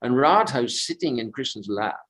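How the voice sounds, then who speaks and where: On a pilgrimage walk beside a sacred lake, a man with a medium-pitched voice tells devotional stories, unhurried and reflective yet animated. He slips easily from personal anecdotes into quiet commentary, and the recording is rough.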